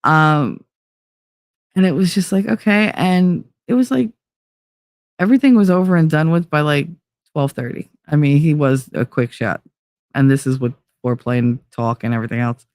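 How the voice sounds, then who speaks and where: A woman's voice: sits low, normal speed, a little mellow, dry recording, studio quality. A woman host telling a personal story in a casual, chatty way, filling her talk with "like" and acting out what other people said. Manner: chatty, heavy use of "like", acts out others' lines. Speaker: podcast host.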